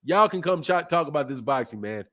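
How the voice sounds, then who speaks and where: A man's voice: fairly high pitch, lively intonation, a little fast, fairly bright tone. A man hosting a casual boxing livestream, reading viewer comments in a slangy, laid-back way, with a sore throat. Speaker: boxing channel host. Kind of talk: casual livestream chat reading super chats.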